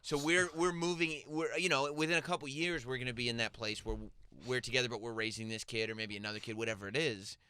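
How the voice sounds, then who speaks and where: A man's voice: mid-range voice, steady tone, fast, few pauses, sharp tone, clean tone. A man hosting a talk show in a radio studio, musing aloud reflectively in casual chat.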